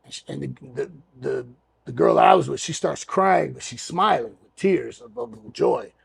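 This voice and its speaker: A man co-hosting a podcast, telling an animated, profane story and acting out every scene. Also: mid-range voice, normal speed, gravelly, husky. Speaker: podcast co-host. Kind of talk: casual storytelling.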